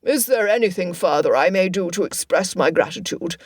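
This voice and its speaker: Woman doing a pompous excitable prince, grand and exclaiming, storybook, dry sound. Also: lowish voice, fairly quick, slightly rough, dry recording. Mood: exuberant. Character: pompous grateful royal man, excitable.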